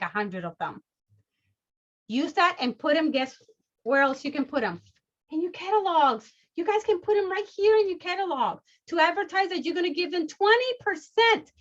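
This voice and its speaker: A woman giving an energetic sales training talk over a video call, bubbly and excitable, always at high energy. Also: lo-fi sound.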